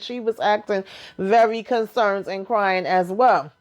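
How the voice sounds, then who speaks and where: At a measured pace and a fairly high pitch, a woman walks through a TV episode in relaxed, everyday language. As a recap vlogger, she narrates it like a tale and performs the characters' dialogue.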